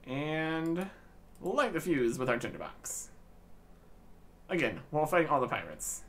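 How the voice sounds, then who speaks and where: A man's voice: on the high side, sing-song, a little slow, a bit bright. A man narrating his own gameplay with dry, joking commentary as a gaming channel host. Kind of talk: let's-play commentary.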